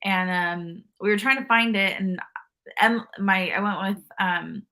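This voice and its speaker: A woman's voice: mid-range voice, a little slow, sharp tone. A woman guest on a podcast telling a rambling story with lots of fillers and restarts. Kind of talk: casual chat.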